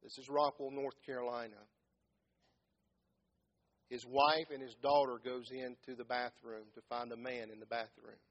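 A man preaching a sermon as pastor, swinging from loud impassioned calls down to low quiet words. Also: level tone, moderate pace, pauses often, highs cut off. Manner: impassioned, rising to shouts and dropping low.

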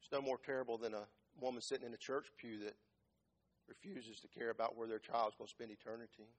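A man preaching a sermon as pastor, swinging from loud impassioned calls down to low quiet words. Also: little pitch movement, fast. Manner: impassioned, rising to shouts and dropping low.

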